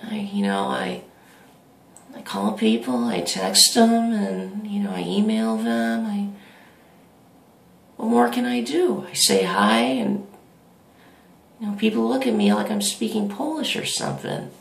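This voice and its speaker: A man voicing a whiny, awkward, lonely teenage boy who talks haltingly and repeats himself. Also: high voice, big pitch swings, creaky, roomy sound, pitched above the performer's own voice, exaggerated voice.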